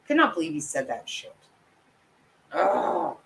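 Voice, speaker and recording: A woman's voice: sits low, sing-song, measured pace, a bit bright, a little hiss or hum, rough recording. A woman ranting on a livestream, her speech blunt and full of swearing. She talks straight to her viewers, emphatic and worked up. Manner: angry, profane, emphatic ranting; talks to viewers and apologizes for the outbursts. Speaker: true crime commentator. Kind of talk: livestream reaction commentary.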